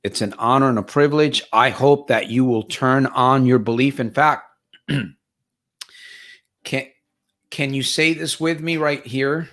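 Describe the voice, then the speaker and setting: A man's voice: mid-range voice, a bit bright. Earnest repetitive male motivational coach. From Stockton, California. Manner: earnest and repetitive, restarts and repeats phrases. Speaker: life coach hosting a live stream. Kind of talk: live-stream Q&A, motivational coaching.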